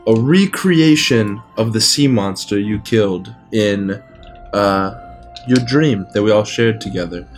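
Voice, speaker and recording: A man's voice: fairly low pitch, expressive, a little slow, soft background music. A man in a tabletop game, speaking in character, earnest and often laughing. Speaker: tabletop player.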